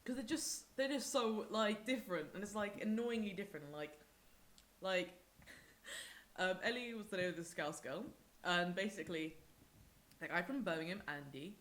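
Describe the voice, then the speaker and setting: A young woman from England co-hosting a podcast, telling stories in a casual, animated way. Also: normal speed. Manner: animated storytelling, acts out quoted people with big pitch jumps. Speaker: podcast co-host. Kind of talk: casual chat.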